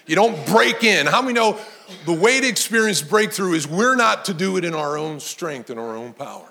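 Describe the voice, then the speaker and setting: Male pastor with a high voice, preaching with emphatic build-ups. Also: lively intonation, moderate pace, vocal fry. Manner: storytelling preacher, emphatic, rising to shouts. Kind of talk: sermon.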